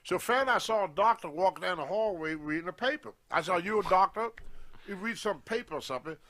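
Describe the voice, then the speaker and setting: Older man, high voice, animated storyteller who acts out the voices in his tale. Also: fast talker. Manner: animated anecdote, acting out quoted lines. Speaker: guest storyteller on a wrestling show. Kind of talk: casual storytelling.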